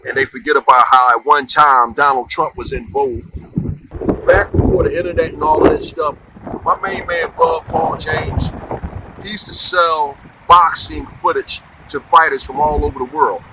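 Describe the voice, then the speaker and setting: A man telling a comic story in an animated, colloquial, conversational way. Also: on the high side, normal speed, rough recording. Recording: clear background noise.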